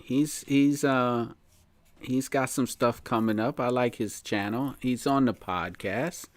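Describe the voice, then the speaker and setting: A man's voice: mid-range voice, slow pace, dry recording. A man hosting a casual live podcast chat, laid-back and slangy, laughing often. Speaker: podcast host.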